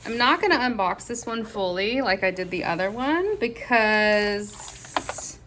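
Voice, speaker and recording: Woman vlogging, super excitable and gushy, gasps a lot, voice jumps all over. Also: mid-range voice, a little slow, noisy background. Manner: gushing and excitable, with frequent gasps. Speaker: crafting vlogger. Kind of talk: casual vlog chat.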